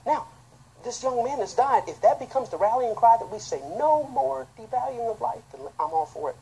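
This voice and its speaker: A man, a pastor, preaching an impassioned sermon that swings between loud outbursts and quiet, low asides. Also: lively intonation, brisk, gravelly, slightly rough, low-quality recording. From United States.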